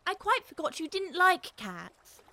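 A bright, high young girl who chatters eagerly and keeps apologizing. Her voice has a lively, clear edge and rushes from one thought to the next, as in a storybook reading. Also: exaggerated voice, poor audio. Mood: apologetic.

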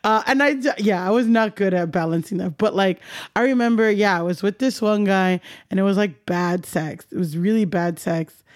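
Young woman comic, candid and animated, acts out her own stories; dry booth sound. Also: medium pitch, moderate pace, dry recording. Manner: animated, laughing, swearing, acts out dialogue. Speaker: comedian guest. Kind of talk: candid storytelling interview.

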